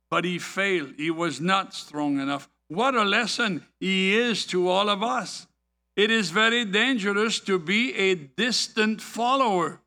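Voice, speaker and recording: Slow, bright-voiced male preacher. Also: high voice. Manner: deliberate preaching with rhetorical questions and anecdotes. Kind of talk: sermon.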